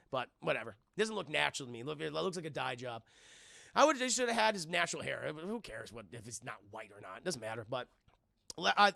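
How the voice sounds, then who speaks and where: Animated, gravelly man reviewing a film live. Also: on the high side, dry recording, studio quality. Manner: animated, profane, laughs often, talks to chat.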